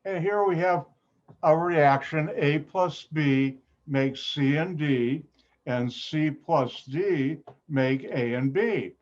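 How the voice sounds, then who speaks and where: A male chemistry teacher with a Chicago accent, slightly higher-pitched than most men. He lectures over a video call in a playful, joking way, and his voice yelps upward on sudden exclamations. The audio is a bit muffled and dull. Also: slow pace. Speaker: chemistry lab instructor. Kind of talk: online class lecture.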